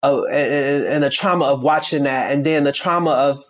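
Interview guest: a stylist from Chicago with a Chicago accent, emphatic and rambling. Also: male voice, medium pitch, normal speed. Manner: emphatic, rambling with many restarts. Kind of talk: candid interview talk.

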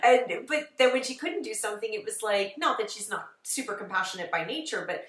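A woman's voice: medium pitch, expressive, fairly quick, a bit bright. A woman interviewer asking questions in a casual, reflective way, often trailing off and restarting. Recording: echoey room.

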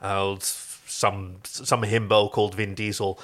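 A man co-hosting a casual podcast, chatting and reading fan fiction aloud in an expressive way. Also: lowish voice, unhurried. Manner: animated, expressive, jumps into voices. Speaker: podcast co-host.

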